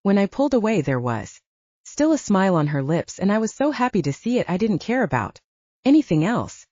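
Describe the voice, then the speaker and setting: A woman narrating a romance audiobook in first person, with a steady scripted reading. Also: medium pitch, a little fast, no room sound. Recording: dry, dull lo-fi sound.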